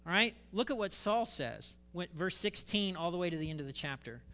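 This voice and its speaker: A male pastor preaching a sermon, reading scripture and retelling it with animated, dramatic emphasis. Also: sits high, brisk, in a large hall.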